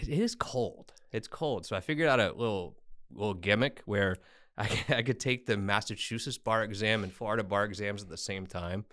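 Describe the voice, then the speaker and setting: A man's voice: lowish voice, clean tone. A man from Tennessee, a guest attorney, telling his story bluntly and with self-deprecating humor in an interview. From Tennessee, USA. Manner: blunt, self-deprecating, animated when quoting people.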